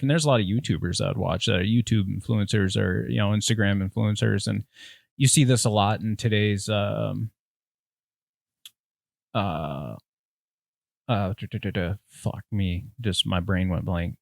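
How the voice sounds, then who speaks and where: A man's voice: fairly low pitch, normal speed, gravelly, no echo, clean studio sound. A young man who is a guest on a casual podcast, ranting bluntly and mocking others.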